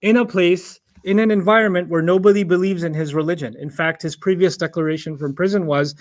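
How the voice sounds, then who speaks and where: A man's voice: sits high, steady tone, brisk. Man teaching a Quran lesson. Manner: explains Arabic words patiently and at length; recites Arabic verses in a chanting voice.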